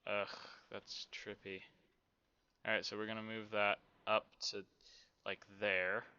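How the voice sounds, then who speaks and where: A man explaining a game build at an unhurried pace, thinking aloud and trailing off into fillers. His voice is low-ish and bright, with a smooth tone. The sound is dry and a bit dull. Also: little pitch movement, dry recording. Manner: rambling, self-talking, many fillers. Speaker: game development tutorial host. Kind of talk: casual screen-recorded tutorial.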